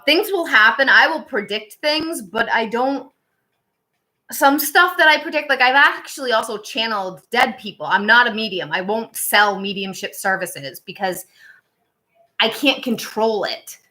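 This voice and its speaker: A woman's voice: medium pitch, sharp tone. A woman tarot reader casually telling stories on a livestream, chatty and full of fillers and restarts.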